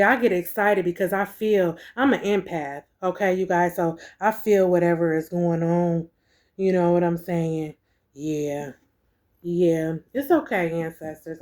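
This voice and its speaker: Woman tarot reader, swears freely, repeats lines, calls everyone baby. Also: fairly low pitch. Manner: profane, emphatic, repeats herself; calls listeners baby and collective. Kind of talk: spiritual tarot reading to viewers.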